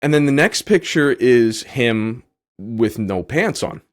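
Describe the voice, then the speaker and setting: A man's voice: medium pitch, expressive, slow. A man hosting a podcast and telling a long story casually, rambling and filling his talk with "like". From New York. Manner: rambling, heavy use of "like". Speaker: podcast host.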